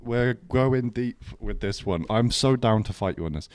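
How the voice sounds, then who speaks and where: A man co-hosting a casual podcast, blunt and deadpan with provocative jokes. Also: mid-range voice, moderate pace, clear, resonant tone, no room sound. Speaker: podcast co-host. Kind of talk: casual chat.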